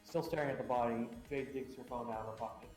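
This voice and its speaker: A man reading a web story aloud on a live stream with friends, in a casual, steady voice. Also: mid-range voice, fast talker, faint music behind. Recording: roomy echo.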